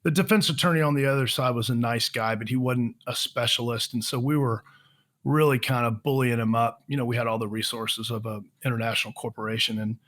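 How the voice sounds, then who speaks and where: A man's voice: mid-range voice, fairly bright tone. Chatty middle-aged man telling stories. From Florida. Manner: chatty, self-deprecating, many fillers and restarts. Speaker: podcast guest, trial lawyer. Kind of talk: relaxed conversational storytelling.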